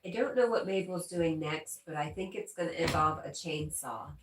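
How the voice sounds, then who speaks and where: A woman's voice: low-pitched, normal speed, background noise. A woman hosting a livestream, casually chatting with viewers and giggling often. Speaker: livestream host reading viewer chat. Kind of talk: casual live chat. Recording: roomy echo, distant from the mic.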